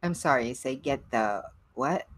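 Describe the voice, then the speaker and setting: A woman's voice: extremely low pitch, animated, normal speed, no room sound. A middle-aged woman hosting a livestream, chatting casually with viewers, rambling and laughing often. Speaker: livestream host. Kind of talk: casual chat with live viewers.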